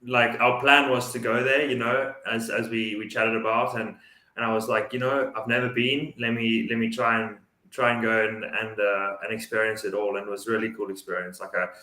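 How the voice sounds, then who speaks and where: A man's voice: fairly low pitch, pushed and bright. A Dutch-native man co-hosting a talk show, speaking English in an enthusiastic way and often repeating words as he thinks. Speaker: co-host. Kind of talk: casual chat. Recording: echoey room sound.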